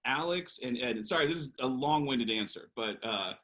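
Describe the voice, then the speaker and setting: Man, comedian guest, storytelling, rambling, animated, filler-heavy. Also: mid-range voice, moderate pace, rough recording. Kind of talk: storytelling on a podcast.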